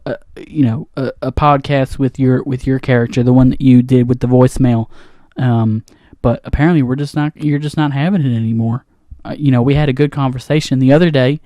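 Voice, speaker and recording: Playing a janitor, a male comedy podcast host rants in a flustered, rambling monologue full of restarts. His voice is mid-range and dark-toned, captured with no echo on a studio microphone in a booth.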